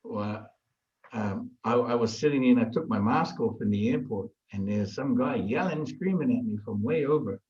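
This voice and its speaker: A man in casual conversation, telling a story with lively energy and frequent restarts. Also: medium pitch, moderate pace, muffled recording. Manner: animated, lively storyteller who repeats and restarts words. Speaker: guest in a group discussion.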